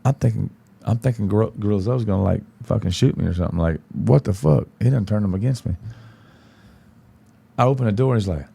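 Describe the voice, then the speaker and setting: A deep-voiced man with a Southern accent spins a rowdy, profane tale as a podcast guest. His low voice has a gravelly, creaky edge, and he slips into the other people's voices as he quotes them. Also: quick pace. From from Arkansas. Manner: profane, animated storyteller acting out quotes. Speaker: guest country singer. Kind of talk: casual storytelling on a podcast.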